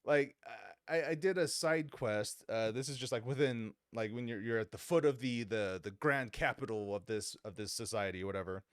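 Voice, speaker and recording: A man's voice: medium pitch, moderate pace, few pauses, clean tone, no echo, clean studio sound. A man hosting a podcast, casually and animatedly retelling a video game story, laughing often and swearing casually. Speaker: podcast host.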